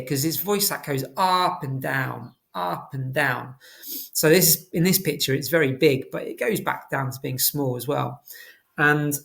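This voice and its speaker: A primary school teacher, teaching a phonics lesson to young children and slowly sounding out words letter by letter. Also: medium pitch, creaky, fairly bright tone.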